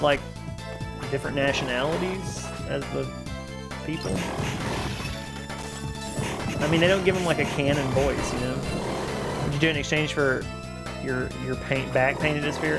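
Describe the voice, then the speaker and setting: A man's voice: a little high, creaky. A young man streaming a game, chatting casually, rambling and joking back at his chat.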